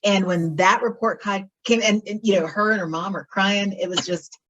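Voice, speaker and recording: A woman's voice: mid-range voice, fairly even intonation, normal speed, a bit bright, highs cut off. A woman hosting an interview over a video call, encouraging and reflective, with frequent short affirmations. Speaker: interview host. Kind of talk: supportive interview chat.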